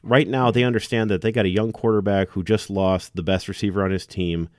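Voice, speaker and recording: A man's voice: fairly low pitch, steady tone, fairly quick, no room sound, studio quality. A man co-hosting a casual sports chat, opinionated and laughing often, restarting his sentences as he talks. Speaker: podcast co-host.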